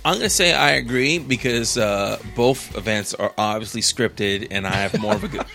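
A man's voice: lowish voice, moderate pace, creaky, sharp tone, faint music behind. A man co-hosting a casual podcast, joking and swearing in loose banter. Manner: profane, laughing banter. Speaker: podcast co-host. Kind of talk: casual chat.

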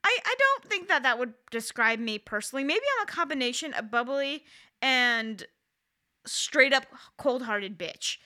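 Wry bright-voiced woman in her thirties. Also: high-pitched, lively intonation, normal speed. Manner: candid, wry and self-deprecating. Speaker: podcast co-host. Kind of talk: casual chat.

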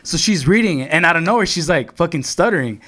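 A man's voice: a little high, expressive, fast talker, a bit bright. A young man telling a long story to his friends in casual chat, rambling and swearing, with lots of filler words.

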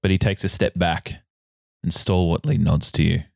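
A man's voice: deep voice, fairly even intonation, moderate pace, vocal fry, darkish tone, dry recording, clean studio sound. A man narrating as game master of a tabletop role-playing game, describing scenes with fillers.

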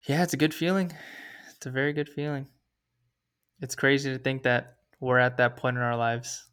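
A man's voice: mid-range voice, flat delivery, moderate pace, fairly bright tone, clear, resonant tone. A man co-hosting a podcast, chiming in with short reactions during casual chat. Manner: short reactive interjections, laughs along. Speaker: podcast co-host.

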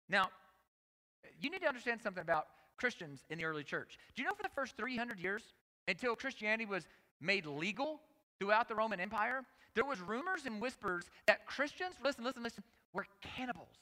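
A man delivers a lively sermon from a stage microphone, his voice high, bright and full of swings in pitch. He presses his points by repeating words and calling on the listeners directly, with a long reverb from a large hall around him. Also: a little fast. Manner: emphatic, repeats phrases, talks to the audience directly. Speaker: conference speaker. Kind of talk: energetic sermon.

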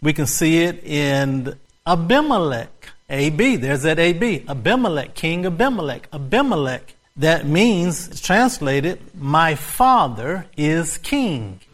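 A man's voice: on the high side, big pitch swings, unhurried. A male pastor preaching a sermon, repeating key words with emphasis and breaking into laughter. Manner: repetitive, emphatic, bursts into laughter.

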